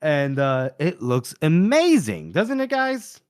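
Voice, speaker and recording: A man's voice: on the high side, wildly swooping pitch, slow pace, dry recording, studio quality. A man co-hosting a casual book podcast, recapping the plot in a rambling way and laughing often. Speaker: podcast co-host. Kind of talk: casual book-discussion chat.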